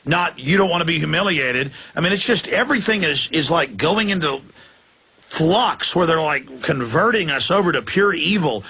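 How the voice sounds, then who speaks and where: Heated, bright-voiced talk radio host. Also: male voice, a little high, lively intonation, husky. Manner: fast, heated, sarcastic ranting.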